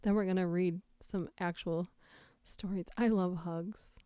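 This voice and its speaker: A woman hosts a casual livestream from home, chatting and giggling, her nose slightly stuffy from allergies, and whispering the creepy lines she reads aloud. Her voice is fairly low, a little slow, dark and clean, with fairly even intonation. The recording is dry, made on a close microphone.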